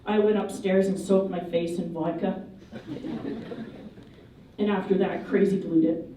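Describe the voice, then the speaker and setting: A woman giving a memorial eulogy, telling funny, lively anecdotes about the people she remembers. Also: fairly low pitch, measured pace, background noise. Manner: lively, humorous storytelling. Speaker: eulogy speaker. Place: memorial service hall. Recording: echoey hall, voice from a distance.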